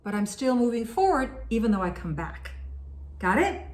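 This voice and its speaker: A woman's voice: a little high, sing-song, normal speed, a little mellow. A woman teaching singing in a conversational, encouraging way, breaking off to demonstrate sung vowels. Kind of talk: vocal lesson with sung demonstrations. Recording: echoey room with faint background noise.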